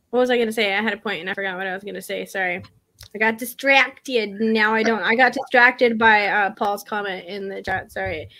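A woman's voice: mid-range voice, bright, forceful tone. A woman co-hosting a live-streamed show, chatting playfully and upbeat, sometimes losing her train of thought. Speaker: podcast co-host. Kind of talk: casual chat.

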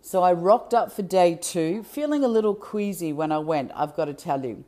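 Woman, slightly low voice, earnest personal storytelling, emphatic, heartfelt. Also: lively intonation, normal speed, dark tone.

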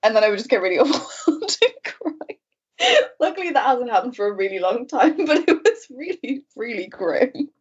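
A woman's voice: on the high side, animated, fairly quick, hardly any pauses, a little mellow, husky, lo-fi sound. A woman co-hosting a podcast in casual chat, candid and chatty, often saying "like". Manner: chatty, frequent "like", candid and self-deprecating.

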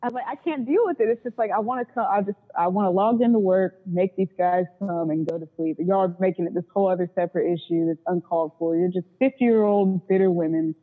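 This phone sex worker, interviewed as a guest, talks fast with hardly any pauses, her lowish voice keeping a fairly even intonation. She's blunt and profane as she casually recounts candid stories from work, mimicking callers, and the audio sounds tinny, like a phone.

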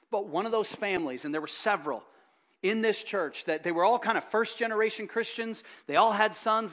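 A high-voiced pastor delivers an impassioned sermon, moving between loud urgency and hushed fervor and using rhetorical questions.

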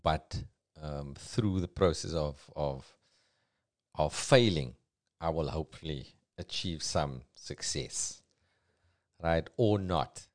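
A middle-aged man rambling through a joking solo podcast, self-mocking and jumping between mumbles and loud bursts. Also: extremely low pitch, takes it slowly, long pauses. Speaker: podcast host. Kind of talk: solo comedic podcast monologue.

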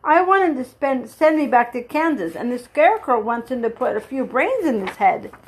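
A woman's voice: high voice, big pitch swings, moderate pace, rough recording. A woman doing a timid, earnest little girl in a storybook. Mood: eager.

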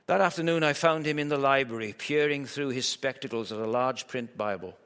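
A man's voice: mid-range voice, a little fast, a bit bright, clean tone. A male preacher delivering a sermon with vivid storytelling. He keeps pressing his points with emphatic rhetorical questions, and his voice rings with a long reverb through a large hall. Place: large hall at a church camp.

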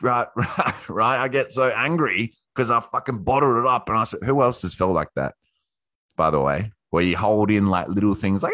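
A man hosting an online workshop in a casual, profane way, often acting out quotes in a high voice. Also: lively intonation, moderate pace, a bit bright, dry recording. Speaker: workshop host. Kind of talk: casual motivational talk.

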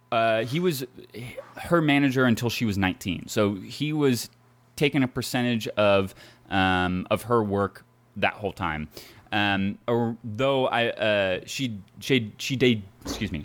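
A man's voice: on the low side, a bit bright, clean tone. A man hosting a podcast, casually retelling a history story with lots of fillers and asides. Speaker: podcast host.

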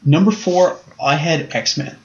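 A man's voice: a little high, slow pace. A man in his thirties co-hosting a podcast in casual chat, often giving short agreeing replies. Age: 30s. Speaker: podcast co-host. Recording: dull lo-fi sound.

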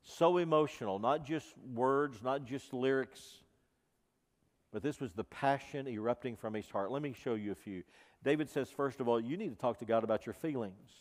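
A man preaching a sermon as pastor, impassioned, moving between loud emphasis and hushed intensity. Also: medium pitch, normal speed. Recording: reverberant hall.

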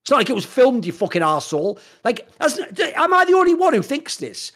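This British co-host's very high-pitched, sing-song voice is brisk and a bit bright. Casual but heated, his podcast rant is profane and mocking, and he keeps slipping into impressions of other people.

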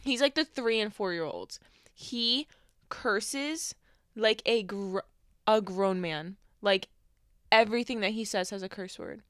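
A young woman co-hosting a casual podcast, telling animated stories with plenty of laughter. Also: mid-range voice, measured pace, clear, resonant tone, no echo, studio quality. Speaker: podcast co-host. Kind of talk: casual chat. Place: small home studio room.

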